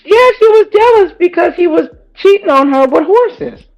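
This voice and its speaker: A woman's voice: extremely high pitch, animated, moderate pace, a little mellow, lo-fi sound, soft background music. A woman chatting casually as a co-host in a laid-back, drawling way. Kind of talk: casual gossip chat.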